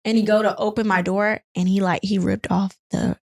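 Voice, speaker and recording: A woman's voice: medium pitch, level tone, moderate pace. A young woman co-hosting a casual podcast from a couch, her voice sitting in a middle register. She tells long, rambling stories and swears freely. She laughs easily between lines. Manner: chatty, rambling storyteller who laughs often and swears freely. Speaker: podcast co-host. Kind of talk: casual chat. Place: on a couch at home.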